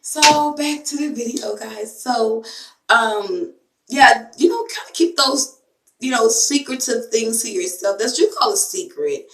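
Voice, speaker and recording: A woman's voice: a little high, expressive, measured pace, fairly bright tone, far from the mic. Woman, young adult, casual chat to camera, rambling and emotional, bathroom echo. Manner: rambling, emotional storytelling with many fillers. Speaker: vlogger. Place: home bathroom. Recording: echoey bathroom, voice from mic.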